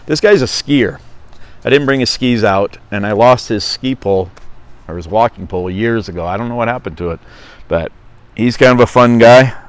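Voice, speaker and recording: A man's voice: medium pitch, moderate pace, dry recording. A middle-aged man from Norway with a Norwegian accent, chatting casually and rambling on his vlog, often correcting himself. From Norway (Stavanger). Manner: rambling, self-correcting, chuckling. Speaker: vlogger.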